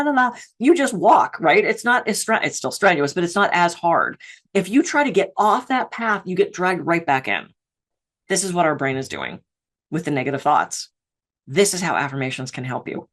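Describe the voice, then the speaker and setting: A woman from the Pittsburgh area giving a keynote on stress, telling personal anecdotes with playful, self-mocking humor. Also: sits low. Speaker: keynote speaker on stress management.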